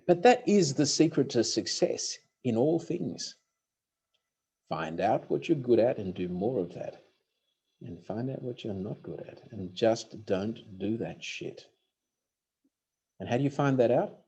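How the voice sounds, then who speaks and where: A man gives a motivational talk on stage. His husky voice swings up and down as he tells stories, punchy with dry humor. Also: medium pitch, lively intonation, unhurried, warm tone. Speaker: speaker.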